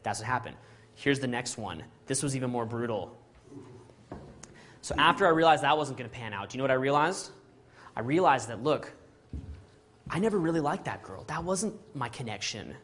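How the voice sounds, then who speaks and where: A middle-aged man from Canada, telling a story to an audience in an animated way and acting out the dialogue, often asking "right?" and "okay?". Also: medium pitch, normal speed, long pauses, slight background noise.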